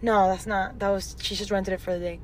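A woman's voice: medium pitch, flat delivery, brisk, a little mellow, a little hiss or hum. A woman guest on a casual podcast, mostly giving short supportive replies. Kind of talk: casual chat.

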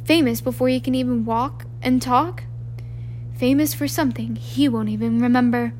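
A woman reading an audiobook, voicing a wise old male wizard in a calm, firm, quiet manner. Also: a little high, moderate pace, a little hiss or hum, lightly acted. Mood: grave.

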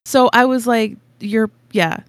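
A chatty woman, co-hosting a relaxed podcast about gardening. Her voice sits low, and she tells stories in an animated way with lots of laughter. The sound is dry and close. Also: normal speed, dry recording. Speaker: podcast co-host. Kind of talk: casual chat.

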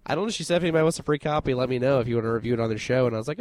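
A man co-hosting a podcast, chatting in a relaxed, joking way and chuckling between lines. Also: on the high side, racing, few pauses, dry recording. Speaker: podcast co-host. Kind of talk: casual chat.

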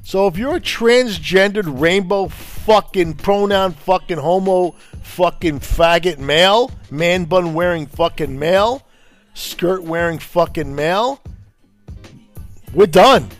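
A man from Brooklyn delivers a furious, profanity-laced rant, his voice pitched a little higher than most men's. He talks in a confrontational way, and faint music plays underneath. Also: measured pace. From Brooklyn, New York. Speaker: podcast host.

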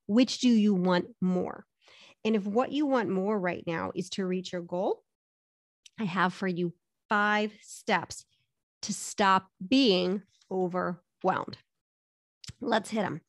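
A woman's voice: mid-range voice, slow pace, no room sound, clean studio sound. A middle-aged woman coaching with a direct, upbeat delivery, putting rhetorical questions to the listener. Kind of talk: motivational coaching talk.

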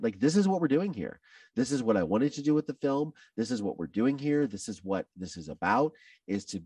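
Low-voiced man telling a personal story. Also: slightly rough, dry recording, clean studio sound, recorded from a distance. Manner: animated, with many restarts and acted quotes. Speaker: podcast guest.

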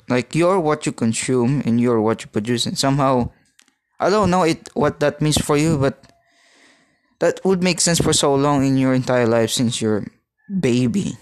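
A man in his thirties, from the Philippines, talks alone on his podcast at a middling pitch. He wanders from thought to thought and stops and restarts often as he hunts for the right words. The recording is dry and close, with no room sound. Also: no echo. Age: 30s. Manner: halting, searching for words, many restarts. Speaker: podcast host. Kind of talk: rambling solo podcast monologue.

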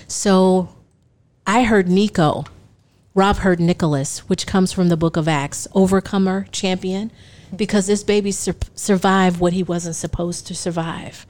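A woman in her forties tells a personal testimony to an audience. She acts out the dialogue and often laughs between lines. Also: mid-range voice. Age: 40s. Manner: animated storytelling, acting out dialogue.

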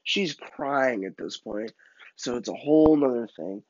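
A man tells a comic story in a loose, animated, self-mocking way. His voice is mid-pitched, and the recording is dry and a little muffled. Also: measured pace, no room sound.

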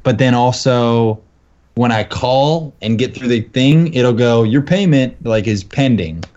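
A man's voice: mid-range voice, a little slow. A man co-hosting a comedy podcast in casual chat, telling stories animatedly and acting out the people he quotes. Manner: animated storyteller, acts out quotes. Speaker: podcast co-host. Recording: dull lo-fi sound.

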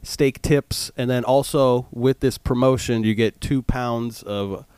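A man's voice: fairly even intonation, measured pace, darkish tone, smooth, dry recording. Laughing young man hosting a podcast. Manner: laughing, rambling, joking ad pitch. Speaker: podcast host. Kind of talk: casual chat.

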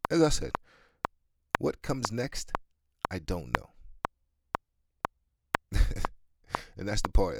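Podcast host, male, very low voice, candid rambling monologue over loud background noise. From United States. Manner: candid, rambling, laughs often, swears freely. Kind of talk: casual solo podcast monologue.

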